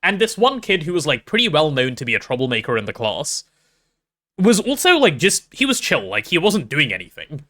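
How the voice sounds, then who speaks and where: A man's voice: a little high, huge pitch swings, brisk, bright, forceful tone. A young man chatting casually while streaming a game, rambling and playful with self-deprecating stories. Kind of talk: casual gaming stream chat.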